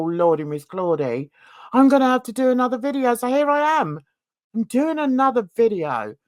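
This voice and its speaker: A woman's voice: mid-range voice, dry recording, studio quality. A woman hosting a crime reaction channel, talking in a chatty, exclamatory, rambling way while nursing a toothache. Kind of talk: casual reaction vlog chat.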